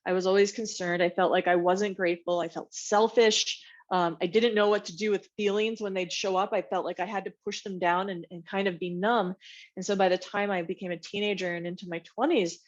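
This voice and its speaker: A woman's voice: medium pitch, steady tone, fairly quick. A woman guest recounts her childhood in a candid, reflective tone, slipping into the voices of people from her past. Her sound is a little dull and lo-fi. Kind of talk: personal story in a podcast interview.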